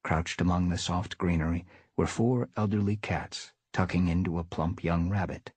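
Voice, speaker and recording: A man doing a live storybook reading, lively and switching voices between characters. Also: low-pitched, moderate pace, breathy edge, dry recording. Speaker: reader.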